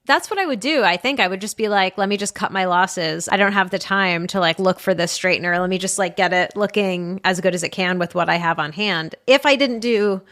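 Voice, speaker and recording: A woman's voice: mid-range voice, brisk, few pauses, fairly bright tone. A woman on a podcast, chatting casually and asking questions. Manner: questioning, conversational. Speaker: podcast co-host. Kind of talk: casual chat.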